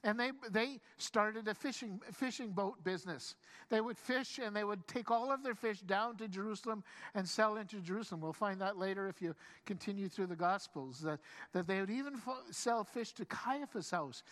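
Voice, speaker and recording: Pastor, mid-pitched, lively sermon storyteller who acts out quotes and restarts phrases. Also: normal speed. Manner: frequent stammered restarts.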